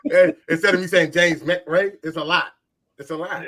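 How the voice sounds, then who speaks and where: A man's voice: on the high side, fairly even intonation, moderate pace, a crowd in the background. A man co-hosting a podcast in casual banter, joking, repeating himself and laughing mid-sentence. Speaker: podcast co-host.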